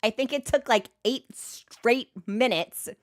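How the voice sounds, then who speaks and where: A woman's voice: a little high, takes it slowly. A woman streamer telling a comic story in a casual, profane, exasperated way, exaggerating for laughs.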